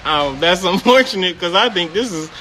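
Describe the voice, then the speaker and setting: A man's voice: sits high, animated, normal speed, bright, forceful tone, a little hiss or hum. A man casually telling a story about his job managing a store, laughing often and swearing freely. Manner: laughing often, swearing, quoting in put-on voices.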